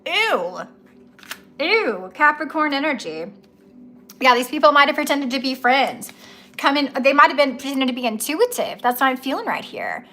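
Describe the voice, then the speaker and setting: A woman's voice: high-pitched, sing-song, moderate pace, bright, forceful tone. A young woman giving a casual tarot reading, chatty and emphatic, with slangy asides and repeated key words. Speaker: tarot reader.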